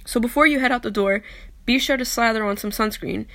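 A woman's voice: a little high, brisk, bright, forceful tone. A young woman in casual vlog talk, chatty and self-deprecating, often stumbling as she reads aloud. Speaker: vlogger. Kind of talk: casual chat, reading aloud.

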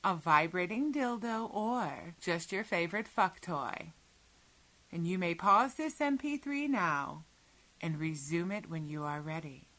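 A woman in a whispered role-play speaks with a slightly low, tense, bright voice. She draws out each soothing, commanding instruction at a very slow pace. Her voice often slips into breathy whispers. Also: expressive. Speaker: hypnosis audio performer.

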